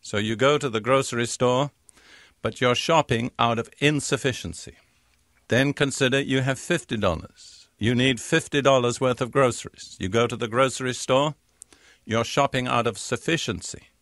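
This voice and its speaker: Older male Bible teacher, measured and emphatic. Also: mid-range voice, a bit bright, no echo, clean studio sound. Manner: measured, emphatic reading of scripture verses. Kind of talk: sermon.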